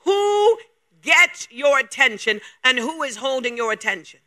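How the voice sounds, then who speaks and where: Male preacher with a very high, bright, forceful voice and an emphatic question-heavy delivery. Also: big pitch swings. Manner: emphatic, fires rapid rhetorical questions. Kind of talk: sermon.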